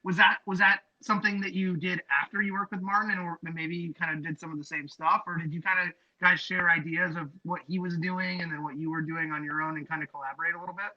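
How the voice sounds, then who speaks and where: A man's voice: sits high, steady tone, fast, few pauses, dry recording. A man hosting a podcast, asking long, rambling questions full of ums and restarts. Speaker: podcast host. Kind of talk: casual interview chat. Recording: dry, dull lo-fi podcast audio.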